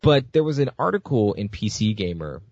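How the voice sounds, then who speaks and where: A man's voice: on the low side, very animated, moderate pace, darkish tone, no room sound, dull audio. A man hosting a casual gaming news podcast, rambling with lots of fillers and restarts. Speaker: podcast host.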